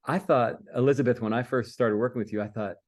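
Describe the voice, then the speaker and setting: A man's voice: mid-range voice, fairly even intonation, fast talker. A man from Maryland, a producer co-hosting the interview, talking in an enthusiastic, affirming way and laughing easily. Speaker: producer, co-host. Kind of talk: casual interview chat.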